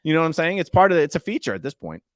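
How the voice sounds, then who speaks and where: A middle-aged man co-hosting a casual live stream, chatty and animated, reading viewer comments aloud. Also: on the high side, rapid-fire, no room sound, clean studio sound.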